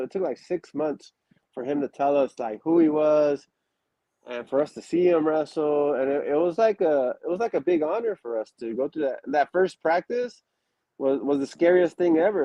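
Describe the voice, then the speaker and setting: A man's voice: on the high side, warm tone, no room sound, muffled recording. A man in a casual interview, telling stories with many restarts and fillers and acting out quotes. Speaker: wrestler guest.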